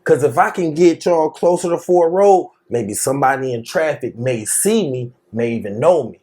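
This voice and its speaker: A man telling a wild story in casual chat, slangy and animated, laughing often and acting out the quotes. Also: a little high, normal speed. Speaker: podcast co-host telling a story.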